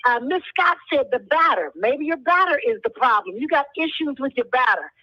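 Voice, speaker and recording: A woman's voice: high-pitched, expressive, a little fast, highs cut off. A woman hosting a radio call-in show, coaching a caller with teasing repetition.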